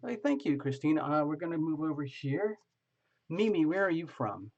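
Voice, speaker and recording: A man's voice: on the high side, normal speed, highs cut off. A man hosting a live tarot stream, chatting casually, greeting viewers by name and laughing often.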